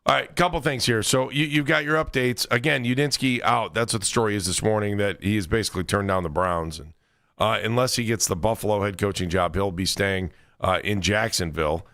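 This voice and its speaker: A man's voice: on the low side, a little fast, fairly bright tone, no room sound, studio quality. A male sports radio host talking casually, often restarting his sentences. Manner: conversational, stammering restarts.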